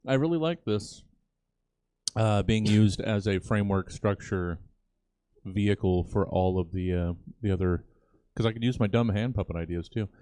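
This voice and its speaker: A man's voice: fairly low pitch, measured pace, long pauses, mellow, dry recording. A man co-hosting a livestream, rambling through show ideas with lots of fillers and the odd curse. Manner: rambling, swears casually, frequent fillers. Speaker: comedy theater co-host. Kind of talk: casual planning chat on a livestream.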